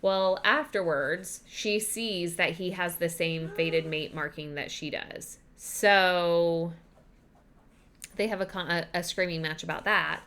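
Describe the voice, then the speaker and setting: A woman's voice: fairly low pitch, fairly even intonation, slow pace, fairly bright tone. Chatty young woman recapping a book. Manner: chatty, rambling, with lots of fillers. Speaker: podcast host.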